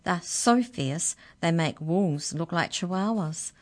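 A woman's voice: fairly low pitch, animated, takes it slowly. A woman voicing a small, cheerful female mouse who is really the tooth fairy, breezy and unbothered in a children's storybook reading.

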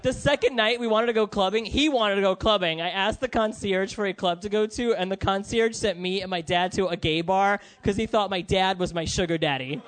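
A man doing stand-up in a basement comedy club, with brash, profane, animated storytelling. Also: high-pitched, a little fast, hardly any pauses, slight background noise. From United States.

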